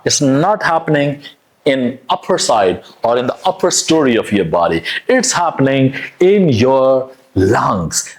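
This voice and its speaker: Animated, enthusiastic male teacher. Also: medium pitch, normal speed. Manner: enthusiastic, demonstrates breathy sounds, non-native phrasing. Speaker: English pronunciation teacher. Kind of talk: animated pronunciation lesson.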